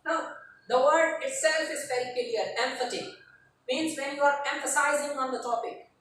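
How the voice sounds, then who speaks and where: High-voiced woman teaching in an echoey room. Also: fairly even intonation, normal speed, fairly bright tone, recorded from a distance, slight background noise. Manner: explains step by step, repeating key terms. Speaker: writing teacher. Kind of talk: classroom lecture.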